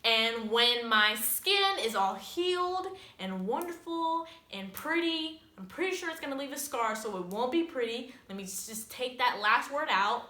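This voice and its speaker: A young woman chatting to her camera in a casual storytime vlog, swearing and poking fun at herself, with plenty of "like" in her talk. Her voice is bright and sits a little high. The room around her sounds echoey. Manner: chatty, swearing, self-mocking, lots of "like". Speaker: vlogger.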